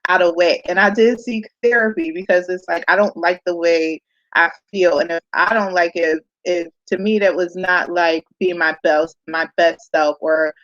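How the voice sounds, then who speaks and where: A woman's voice: fairly low pitch, steady tone, normal speed, fairly bright tone, dry recording. A woman moderating a panel of mothers, sharing her own experience candidly and often saying "like". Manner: candid, frequent "like". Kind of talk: casual panel conversation. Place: home, video call. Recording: dry, slightly dull sound.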